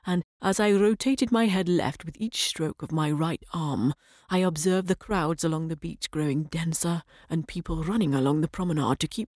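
A woman reading a short story aloud as a measured first-person narration, sometimes dropping to a soft whisper. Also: low voice, no echo, studio quality. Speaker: audiobook reader.

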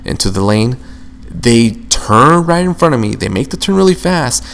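A man's voice: medium pitch, very animated, moderate pace, gravelly, a bit bright. A young man hosting a casual solo podcast, rambling and venting with lots of swearing. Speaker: podcast host.

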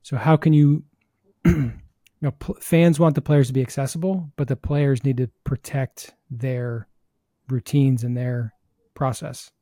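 A man's voice: medium pitch, fairly even intonation, unhurried, dark tone, dry recording, clean studio sound. A man hosting a baseball podcast, talking through ideas in a thoughtful, rambling casual chat. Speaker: host, hitting coach.

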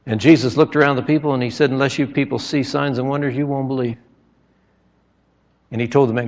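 A man's voice: medium pitch, steady tone, fairly quick, long pauses. A man preaching a sermon, telling stories with dramatic retellings and emphatic outbursts. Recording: echoey hall, dull lo-fi sound.

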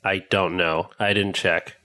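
A man's voice: low voice, level tone, a little slow, pushed and bright. A man casually joking around as a player in a tabletop role-playing game.

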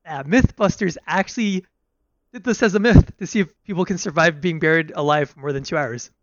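A man co-hosting a casual podcast chat, reading out facts with halting restarts. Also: fairly high pitch, no echo, highs cut off. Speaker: podcast co-host.

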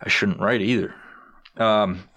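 A man's voice: lowish voice, takes it slowly. A man co-hosting a podcast in casual comedic chat, swearing often and joking around. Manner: profane, animated, jokey with silly put-on voices. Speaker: podcast co-host.

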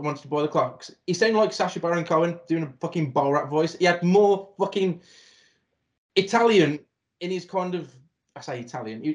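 Sweary ranting man. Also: a little high. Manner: sweary, ranting, repeats words while searching. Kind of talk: casual film review chat.

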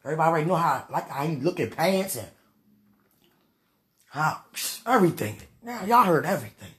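Low-voiced young woman, dramatic and sighing. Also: expressive, brisk. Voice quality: swings between murmurs and loud outbursts. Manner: dramatic, sighing, muttering pleas to God. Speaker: vlogger. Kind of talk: casual confessional chat to viewers. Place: in bed.

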